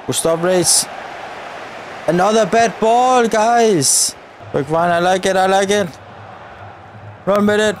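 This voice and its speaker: Excitable high-voiced man commentating gameplay. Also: takes it slowly, long pauses, slight background noise. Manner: excitable, shouts at players and referee. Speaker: gaming YouTuber.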